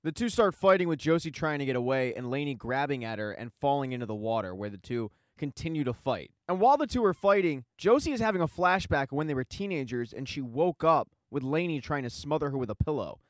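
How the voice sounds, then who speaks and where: A man's voice: mid-range voice, animated, a little fast, few pauses, no echo. Man recapping a TV show, dry sound. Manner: wry asides while retelling. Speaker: TV recap host. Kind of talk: casual recap narration.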